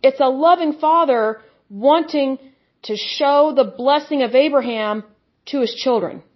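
A woman's voice: high-pitched, unhurried, dull audio. A woman delivering an impassioned sermon, blunt and scornful, mocking the views she rejects. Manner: blunt, scornful, mocks opponents in put-on voices. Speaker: preacher. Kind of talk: impassioned religious monologue.

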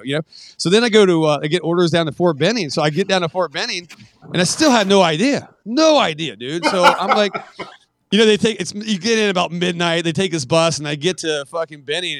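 Middle-aged man on a podcast, spinning a long war story in a loose, swearing drawl. His voice sits a little high for a man and sounds close and dry, with no room echo, and he slips into the voices of the people he quotes. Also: a bit bright. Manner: profane, laid-back storyteller, acts out quoted voices. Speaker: podcast guest. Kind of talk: casual storytelling interview.

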